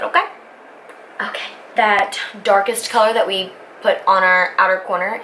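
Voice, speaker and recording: A woman's voice: mid-range voice, fairly bright tone, poor audio. A young woman in her twenties, a beauty vlogger chatting casually and rambling as she walks through a makeup tutorial at home. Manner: rambling, self-interrupting, talks while applying makeup. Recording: faint background noise.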